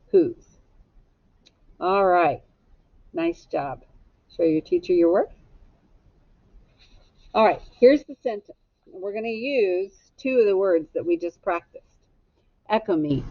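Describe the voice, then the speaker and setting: A woman teacher leading a spelling lesson for young children, sounding out each letter slowly and deliberately. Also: lowish voice, lively intonation, no echo, muffled recording.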